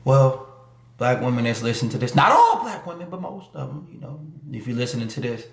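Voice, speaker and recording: A YouTube commentator delivers a casual, emphatic opinion monologue packed with street slang, mock voices, and mocking asides. His mid-range voice is sing-song and a little fast, recorded in an echoey room.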